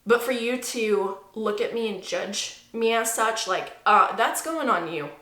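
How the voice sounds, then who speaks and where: Woman, bright tense voice, indignant rant to camera, roomy echo. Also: a little high, expressive, a little slow. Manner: indignant, emphatic, repeats herself. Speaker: vlogger. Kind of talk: angry personal rant to camera.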